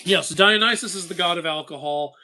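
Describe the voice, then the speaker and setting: A man hosting a casual live-stream Q&A, reading chat questions and answering in an animated way, laughing often and swearing casually. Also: high voice, fairly quick, a little hiss or hum.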